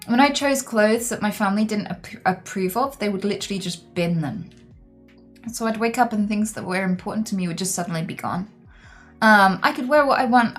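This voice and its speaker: A woman chatting candidly on a live stream, telling personal stories frankly. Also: medium pitch. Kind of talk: casual live-stream chat.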